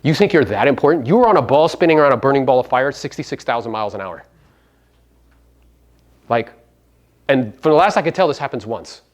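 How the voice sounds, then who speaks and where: A man's voice: medium pitch, lively intonation, brisk, pauses often. A man giving a live motivational seminar talk to real estate agents, brash and profane, firing rhetorical questions at the audience.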